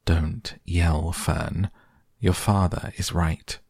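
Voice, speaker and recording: A man voicing a farm mother who speaks briskly and matter-of-factly. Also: low-pitched, fairly even intonation, vocal fry, darkish tone, breathy edge, dry recording, clean studio sound, exaggerated voice.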